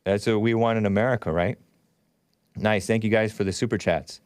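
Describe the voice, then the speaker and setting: A man's voice: lowish voice, fairly even intonation, fairly quick, clean tone, dry recording. A man hosting a livestream show, talking casually and rambling, often spelling names out letter by letter. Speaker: show host.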